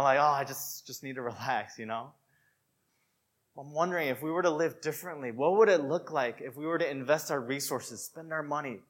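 A man preaching a sermon in a conversational, animated way, full of "you know" and "like". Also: fairly high pitch.

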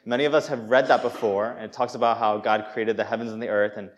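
A man's voice: lowish voice, fast talker. A man preaching a sermon in a church, candid and self-deprecating, acting out quoted voices and laughing at himself. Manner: lively, acts out quoted voices.

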